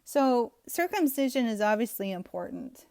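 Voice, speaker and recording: Female Bible teacher, higher-pitched voice, scornful and emphatic commentary. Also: very animated, normal speed, warm tone. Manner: scornful, emphatic, laughs at the text. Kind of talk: scriptural commentary to viewers.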